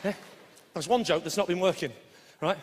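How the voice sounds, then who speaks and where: A man's voice: high-pitched, normal speed, very noisy. A man doing live stand-up comedy, bantering with the audience in a brash, sweary way. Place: large theatre, live audience. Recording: roomy live theatre with loud crowd.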